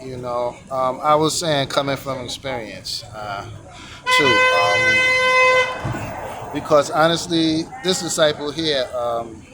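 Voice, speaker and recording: A man's voice: medium pitch, wildly swooping pitch, slow, over loud music. A man teaching on camera in a casual, easygoing, informal way. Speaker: calligraphy teacher.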